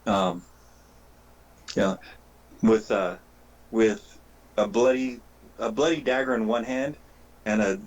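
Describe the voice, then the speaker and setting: Halting, casual man running a tabletop game. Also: fairly low pitch, poor audio. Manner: casual, halting, many fillers and restarts. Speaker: game master.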